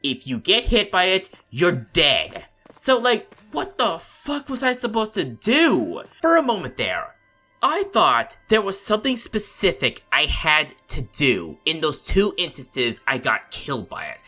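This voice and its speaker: A man's voice: a little high, wildly swooping pitch, measured pace, sharp tone, soft background music. A man commentating his video game playthrough, frustrated and swearing, full of "like, you know" fillers. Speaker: let's play host. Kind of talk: casual gameplay commentary.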